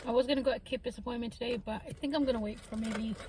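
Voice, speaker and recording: A woman's voice: on the high side, very fast, slight background noise. Chatty woman eating in her car. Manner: relaxed, chatty, humming while chewing. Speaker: vlogger. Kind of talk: casual eating-show chat. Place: inside a parked car.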